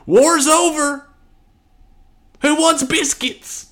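A man's voice: very high voice, fairly even intonation, very slow, sharp tone, voice pushed up, exaggerated voice. Man doing a chipper folksy announcer.

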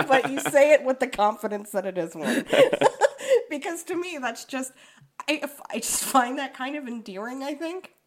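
Woman podcast guest, lively swooping pitch, giggly, self-deprecating, casual chat. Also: moderate pace. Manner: laughs often, animated and self-deprecating.

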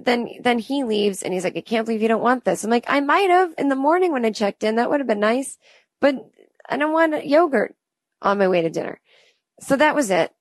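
A woman's voice: lowish voice, darkish tone, dry recording. A woman in her late thirties, a comedian telling a funny story and acting out both sides of the conversation in a chatty way. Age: 30s. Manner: acts out both sides of the dialogue with chatty asides.

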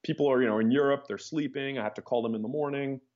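A man telling his story as a podcast guest, rambling and animated, with many restarts. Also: medium pitch, quick pace. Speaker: interview guest, startup founder. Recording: dull lo-fi podcast audio.

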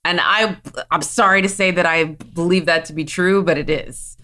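A woman's voice: fairly low pitch, steady tone, normal speed, pushed and bright. A woman co-hosting a movie podcast, playful and opinionated, teasing her co-host and laughing often. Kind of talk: casual podcast chat.

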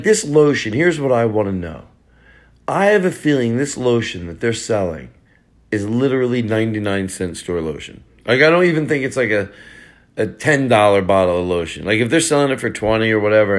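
A middle-aged man, a stand-up comedian hosting a podcast, riffing in a sarcastic, joking way with repeated bits. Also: medium pitch. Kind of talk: casual comedic podcast banter.

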